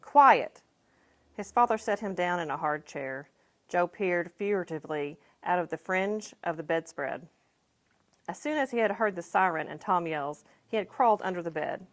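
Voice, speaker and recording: A woman reads a children's chapter book aloud for young listeners. Her storytelling is lively and her voice sits slightly low. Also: moderate pace. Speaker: mayor reading to schoolchildren.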